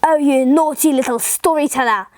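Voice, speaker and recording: A woman voicing a big, burly, angry man who yells threats and scolds. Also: high-pitched, moderate pace, no room sound, clean studio sound, close to an everyday voice. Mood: scolding. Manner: yelling, threatening.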